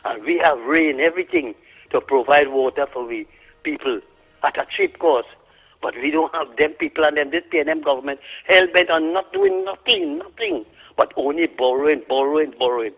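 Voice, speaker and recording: A Trinidadian man phoning into a talk radio show, his voice sitting a bit high and coming through a muffled, narrow line. He talks in a heated, indignant rush, circling back to his complaints. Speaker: caller. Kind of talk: call-in radio rant.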